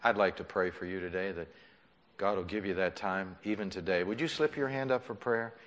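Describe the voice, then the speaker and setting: A male pastor preaching an impassioned sermon in a church, swinging between loud pleading and hushed, soft tones. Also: low-pitched, a little fast. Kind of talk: sermon with altar call. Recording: long church reverb.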